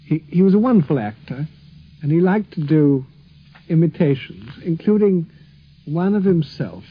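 Brief: man, fond archival storytelling, slightly high husky voice, dull lo-fi recording. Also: animated, moderate pace. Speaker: interviewee recalling childhood. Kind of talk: archival reminiscence.

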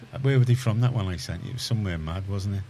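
A man's voice: fairly low pitch, fast talker, mellow, a little hiss or hum. A man with a Liverpool accent hosting a community radio chat show, rambling and chatty with many restarts. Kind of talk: casual studio chat.

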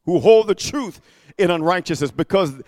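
Preacher, male, high voice, emphatic sermon delivery, long hall reverb. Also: expressive, moderate pace. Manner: emphatic, calls for amens, swings from shouting to hushed.

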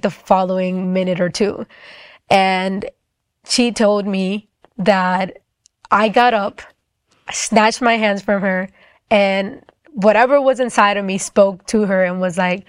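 A woman's voice: medium pitch, steady tone, slow, clear, resonant tone, no room sound, clean studio sound. A young woman telling a personal testimony in casual talk, acting out the quoted voices and saying "like" often. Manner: acts out quoted voices, filler-heavy with "like". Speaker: storyteller giving a testimony.

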